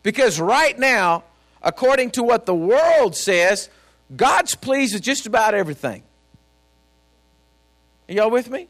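A man's voice: very high-pitched, animated, unhurried, long pauses, fairly bright tone. A man preaching a sermon as a pastor, folksy and storytelling, speaking directly to his congregation. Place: church.

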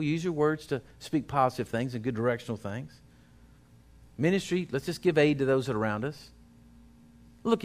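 A male pastor, preaching a sermon in a folksy, exhorting way. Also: on the high side.

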